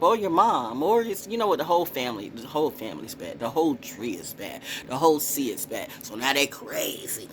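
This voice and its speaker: A woman vlogging in a casual, rambling monologue, swinging from hushed asides to excited exclamations. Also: deep voice, moderate pace, slight background noise. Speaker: spiritual vlogger, oracle reader.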